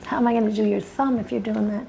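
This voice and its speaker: A woman's voice: fairly high pitch, steady tone, quick pace, creaky, very noisy. A woman dog groomer talking viewers through a groom while she coaxes and firmly corrects the dog. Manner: coaxing and firm with a dog, chatty asides to viewers. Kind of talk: grooming tutorial talk. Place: grooming table indoors.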